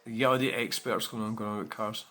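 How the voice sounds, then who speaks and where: A man's voice: on the low side, steady tone, rapid-fire, pushed and bright. A man chatting casually to his viewers, rambling with many fillers and restarts. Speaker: channel host. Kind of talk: casual chat to camera.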